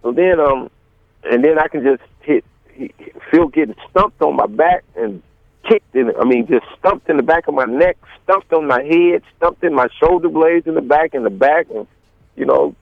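A man's voice: fairly high pitch, normal speed, vocal fry, no echo. A man telling a long story as a guest, rambling with many fillers and restarts and acting out quotes, over a tinny phone-like line. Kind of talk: storytelling in an interview.

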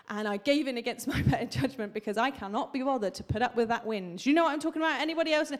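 A woman's voice: high voice, animated, fast talker, few pauses. A woman in her thirties preaching a sermon to a congregation, chatty and humorous, telling stories and asking the room questions. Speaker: pastor. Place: church hall.

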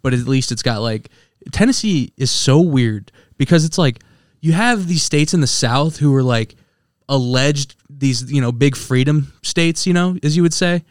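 A man on a casual podcast, ranting with loose profanity and rambling tangents. His voice is smooth and clear, recorded dry with no room sound. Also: medium pitch, normal speed, no room sound. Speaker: podcast co-host. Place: basement home studio.

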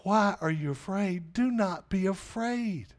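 An earnest, plain-spoken grown man who was wronged by his brothers, as a preacher acts him out. He speaks slowly and his voice sits high. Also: animated. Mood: reassuring. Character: wronged younger brother, grown man, stern then forgiving.

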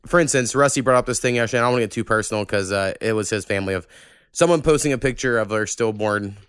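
A man hosts a casual podcast, talking in a loose, rambling way with casual swearing. His voice is smooth and resonant. The recording is dry and close, with no room sound. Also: on the low side, racing, a bit bright, dry recording. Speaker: podcast host.

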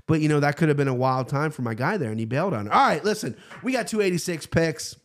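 A man in his thirties hosting a casual sports betting podcast, loose and excitable, swearing freely. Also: on the high side, quick pace. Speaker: podcast host.

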